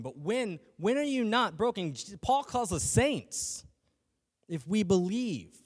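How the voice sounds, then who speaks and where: A man's voice: high voice, big pitch swings, slow, long reverb tail. A man giving a casual, earnest faith talk as a lay teacher, speaking conversationally with frequent restarts and fillers.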